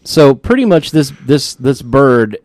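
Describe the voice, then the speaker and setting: A man's voice: mid-range voice, sing-song, measured pace, a little mellow, no echo. A man co-hosting a podcast, talking in a laid-back casual way, often restarting his sentences. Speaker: podcast co-host. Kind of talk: casual chat.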